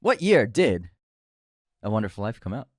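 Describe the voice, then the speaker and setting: A man co-hosting a podcast in easygoing casual chat, quick to exclaim when surprised. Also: lowish voice, big pitch swings, dry recording, clean studio sound. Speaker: podcast co-host.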